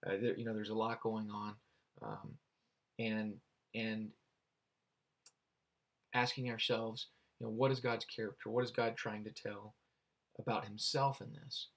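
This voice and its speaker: A man's voice: lowish voice, little pitch movement, a little slow, long pauses, fairly bright tone. A man giving a casual, earnest Bible devotional, talking conversationally with many restarts and putting direct questions to the listener. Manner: conversational, full of "you know" and restarts. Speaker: Bible teacher.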